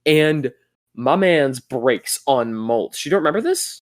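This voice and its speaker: A young man co-hosting a casual podcast chat, rambling in quick bursts and restarting sentences. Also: mid-range voice, expressive. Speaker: podcast co-host.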